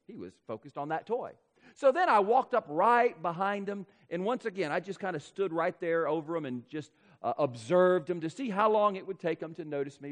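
Male pastor, high voice, emphatic sermon that slows for emphasis, recorded in a church hall with a long reverb. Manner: emphatic, slows and rises for key points. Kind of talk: expository sermon.

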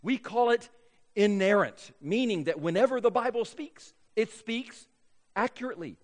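A man's voice: high-pitched, expressive. A man preaching a sermon as pastor, leaning hard on key words and drawing them out. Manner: emphatic, drawn-out key words. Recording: long reverb of a large hall.

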